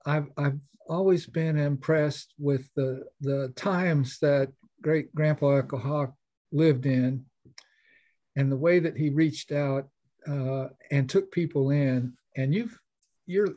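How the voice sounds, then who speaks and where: A man's voice: on the high side, warm tone, dull audio. A man in his seventies interviewing a relative, asking questions in a hesitant, friendly way. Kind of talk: family interview.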